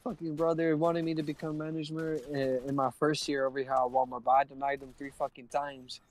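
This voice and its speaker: A man's voice: on the high side, level tone, fairly quick, low-quality recording. A young man on a live stream, telling a heated story full of swearing and acting out both sides of an argument. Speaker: livestreamer.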